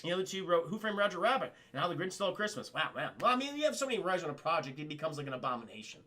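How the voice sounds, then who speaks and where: A man streaming a rambling, profane scene-by-scene film recap to his chat, acting out lines in quick impressions. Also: on the high side, big pitch swings, bright, forceful tone. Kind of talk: casual profane movie recap.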